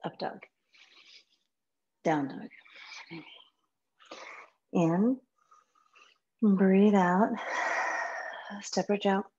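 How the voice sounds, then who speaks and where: A woman teaching a yoga class, giving short calm cues while she practices along, sometimes dropping to a whisper. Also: medium pitch, very slow, long pauses, lo-fi sound. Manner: calm, sparse one-word cues, some soft whispered counts.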